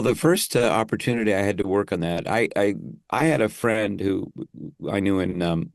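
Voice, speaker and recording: A man's voice: low-pitched, darkish tone, no echo, studio quality. A man, an actor and impressionist, chatting as an interview guest in a rambling, easygoing way with easy laughs. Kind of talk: casual interview chat.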